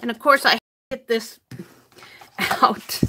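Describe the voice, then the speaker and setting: An older woman live-streams her crafting from a home craft room, chatting casually, reading viewers' comments aloud and laughing often. Her voice sits on the high side and she speaks slowly, with background noise in the clip.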